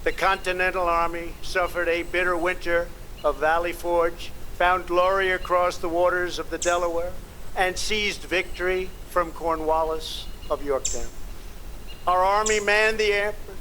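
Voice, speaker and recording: Guy doing a puffed-up old president speechifying, high bright voice, stops and starts a lot. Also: steady tone, a little hiss or hum. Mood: grandiose. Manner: pompous, halting speech delivery. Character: blustering older male president giving a speech. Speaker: animated parody speaker. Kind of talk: comedic impression.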